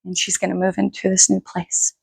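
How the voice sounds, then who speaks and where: A middle-aged woman earnestly telling a family story as a mother, animated and encouraging, acting out the dialogue. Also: fairly low pitch, fairly quick, creaky, breathy edge. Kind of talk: casual spoken storytelling.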